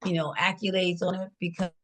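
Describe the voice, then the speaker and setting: A middle-aged woman from Washington D.C. talks shop as a stylist in a relaxed interview. She tells her stories with energy, laughs often and slips into the voices of the people she describes. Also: on the low side, a little fast. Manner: animated, laughs often, acts out quoted voices. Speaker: hair and image stylist. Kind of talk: casual storytelling in an interview.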